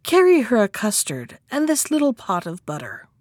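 A woman voicing a fond, caring mother in a storybook reading, gentle and plain. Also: fairly high pitch, wildly swooping pitch, normal speed, no room sound, studio quality.

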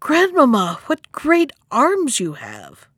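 A woman voicing an innocent, trusting little girl in a storybook reading, with a high, wondering voice. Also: very animated, no room sound, clean studio sound. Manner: high, wondering, drawn-out questions.

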